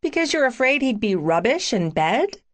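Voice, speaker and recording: A woman doing brash friend Lou, high and pushy. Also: big pitch swings, normal speed. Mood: teasing. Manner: pushy, crude, teasing.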